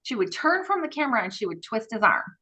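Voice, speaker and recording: A woman on a podcast recounting her work in casual, animated storytelling. Her voice is bright and forward, and she slips into quoted dialogue often, padding her talk with "um" and "like.". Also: fairly high pitch, fast, rough recording. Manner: animated, many fillers, acts out quoted dialogue. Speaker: podcast guest, former group home worker.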